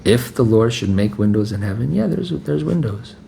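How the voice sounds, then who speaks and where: A man's voice: mid-range voice, lively intonation, moderate pace, gravelly, dark tone, a little hiss or hum. A man preaching informally, reading scripture and then explaining it in a conversational way that keeps checking in with "right?" and repeats his phrases.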